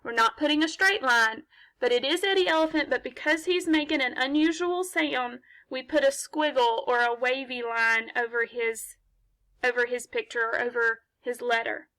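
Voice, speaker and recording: A woman's voice: high-pitched, normal speed, bright, forceful tone. A woman teaching a phonics lesson to young children from her laptop, patient and encouraging, posing questions and answering them herself. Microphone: laptop mic.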